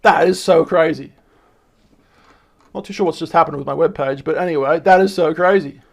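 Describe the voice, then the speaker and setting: A high-pitched man reads articles aloud and comments on them as he goes. He is excitable and chatty, and he often stumbles, restarts and repeats words. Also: moderate pace, gravelly. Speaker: channel host.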